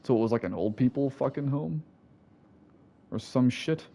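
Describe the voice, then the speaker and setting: A man's voice: mid-range voice, moderate pace, vocal fry, dark tone. An American man giving rambling, profane let's-play commentary, correcting himself as he goes. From United States. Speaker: gameplay commentator.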